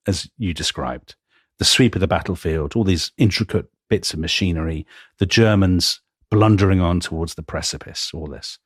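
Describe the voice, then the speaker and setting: Male podcast co-host, deep husky voice, dramatic storyteller. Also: no room sound, studio quality. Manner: dramatic retelling, frequent laughs. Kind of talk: casual history podcast storytelling.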